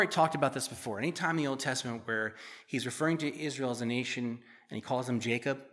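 A man's voice: medium pitch, a bit bright. A man preaching a conversational sermon, often checking in with the congregation. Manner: conversational teaching, frequent "okay?" check-ins. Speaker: pastor.

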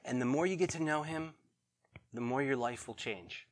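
A middle-aged man preaching a sermon as pastor, animated, swinging between loud bursts and hushed, tender passages. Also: medium pitch, moderate pace.

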